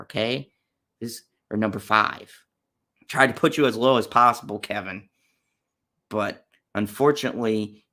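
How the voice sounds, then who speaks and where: Man, stream host, lower pitch, casual movie rant, lots of swearing, blunt, talks to chat. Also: fairly bright tone. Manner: profane, blunt ranting; talks to live chat viewers. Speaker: channel host. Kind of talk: casual livestream movie review.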